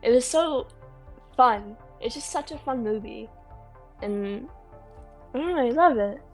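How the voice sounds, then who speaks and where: A woman's voice: fairly high pitch, animated, unhurried, soft background music. A woman co-hosting a casual film podcast, talking eagerly with lots of ums. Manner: enthusiastic, chatty, lots of ums. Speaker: podcast co-host.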